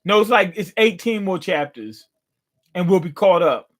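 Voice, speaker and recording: Slangy man with a high voice. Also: moderate pace. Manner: slangy, animated, joking. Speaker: manga reaction host. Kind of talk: casual live reaction commentary.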